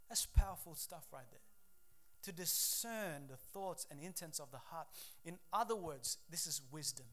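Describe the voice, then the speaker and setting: High-voiced preaching pastor, man. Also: moderate pace, pushed and bright. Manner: preaching with rising intensity, quoting scripture. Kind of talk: sermon.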